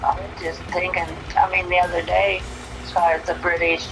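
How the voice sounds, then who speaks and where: An older woman talking with her son on a phone call, speaking in a slow, hesitant way that trails off. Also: lowish voice, little pitch movement, vocal fry, music in the background. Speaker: streamer's mother. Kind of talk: casual phone chat.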